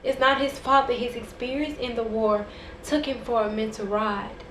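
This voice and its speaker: A woman's voice: fairly high pitch, fairly even intonation, moderate pace, fairly bright tone. A woman giving a dramatic, rhythmic spoken word poetry performance that swells to impassioned intensity. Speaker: poet. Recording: echoey room with faint background noise.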